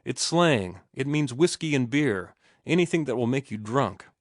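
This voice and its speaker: A man's voice: mid-range voice, lively intonation, normal speed, dry recording, studio quality, close to an everyday voice. A man voicing an earnest young male sailor who talks in plain, ungrammatical working-class speech. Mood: amused.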